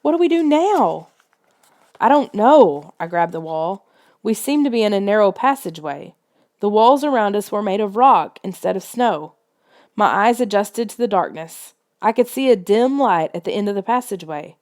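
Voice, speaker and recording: A woman's voice: mid-range voice, lively intonation, moderate pace, darkish tone. A woman narrating a children's adventure book in a tense, suspenseful reading style. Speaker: audiobook reader. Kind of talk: scripted storybook narration.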